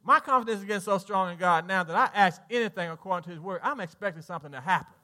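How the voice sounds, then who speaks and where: A man preaches in a high, ringing voice. He tells his story like an animated storyteller and often chuckles at himself. The delivery is a pastor's sermon from the pulpit. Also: racing. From Southern United States. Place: church sanctuary.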